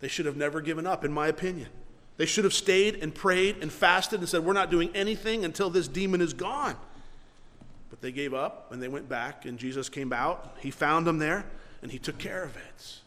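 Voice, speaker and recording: A man preaching a sermon, earnest, swinging between loud emphasis and quiet, soft passages, closing in prayer. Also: fairly high pitch, normal speed, long reverb tail. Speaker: pastor.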